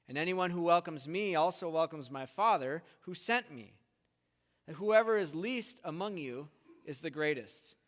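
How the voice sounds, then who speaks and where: A man preaching a sermon as a pastor, in a conversational way, and acting out the people in the stories he tells. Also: a little high. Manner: conversational, animated retellings with acted quotes. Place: church sanctuary. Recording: long church hall reverb.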